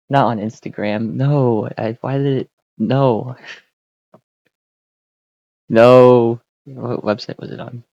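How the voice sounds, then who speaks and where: A man thinking aloud in a casual, wry, halting way while he codes, speaking close to a desk mic. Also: mid-range voice, fairly even intonation, creaky, no echo, highs cut off. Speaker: streamer coding on screen.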